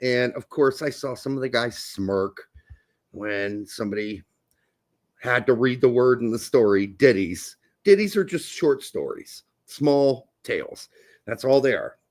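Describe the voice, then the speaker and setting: Lively, laughing middle-aged man. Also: medium pitch, unhurried. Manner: jokey, laughs often, animated storytelling. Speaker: podcast co-host. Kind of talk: casual chat.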